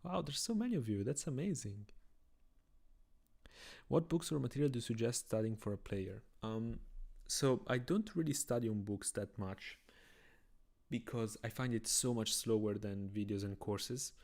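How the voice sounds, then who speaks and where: A tired young man from Italian-speaking Switzerland, a native Italian speaker, chatting casually and quietly on a chess live stream. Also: mid-range voice, lively intonation, moderate pace, gravelly. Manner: talks quietly so as not to wake someone.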